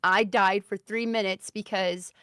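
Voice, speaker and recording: A woman guest telling a personal health story in casual talk, earnest and emphatic, sometimes turning soft and serious. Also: medium pitch, steady tone, measured pace, clear, resonant tone, dry recording, clean studio sound.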